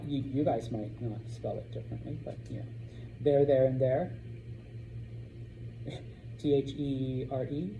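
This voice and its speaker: A man teaching a Spanish class to students, repeating words slowly to model their pronunciation. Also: mid-range voice, mellow, slight background noise, low-quality recording. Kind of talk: classroom lesson.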